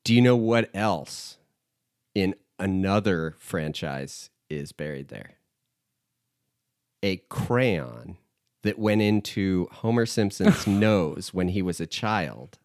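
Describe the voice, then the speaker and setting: A man's voice: low voice, lively intonation, slow, darkish tone, no room sound. A man co-hosting a casual podcast about films, laid-back, with dry humor as he retells scenes. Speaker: podcast co-host. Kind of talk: casual film discussion.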